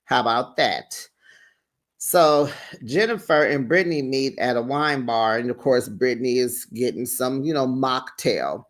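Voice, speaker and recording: A host casually recapping a reality TV episode, animated and sassy, tossing in "child" and "honey". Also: medium pitch, a little slow. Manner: animated and sassy, quotes cast members; colloquial, says "child" and "honey".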